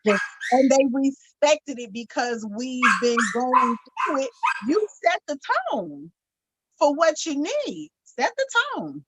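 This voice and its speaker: A woman's voice: sits high, sing-song, takes it slowly, breathy edge, poor audio. A woman in a casual chat, telling an earnest personal story on a video call. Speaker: co-host.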